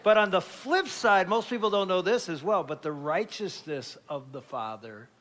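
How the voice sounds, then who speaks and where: A man in his fifties, a pastor and grandfather, telling family stories in an animated, conversational sermon. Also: sits high, moderate pace. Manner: animated storyteller with sudden loud jumps.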